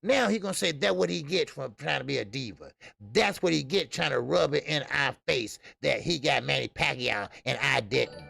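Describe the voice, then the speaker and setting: A man's voice: medium pitch, expressive, normal speed, vocal fry, hardly any pauses, sharp tone, dry recording. A middle-aged man hosting a boxing show in loose, profane, joking casual chat, full of filler sounds. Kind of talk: casual live-stream chat.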